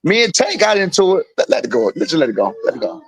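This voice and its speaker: Man, middle-aged, casual storyteller, slang, voice a bit high, dry close recording. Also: quick pace, husky, no room sound, poor audio. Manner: animated, acts out quotes with big pitch jumps; street slang, repeats "you feel what I'm saying". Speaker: guest storyteller, boxing father.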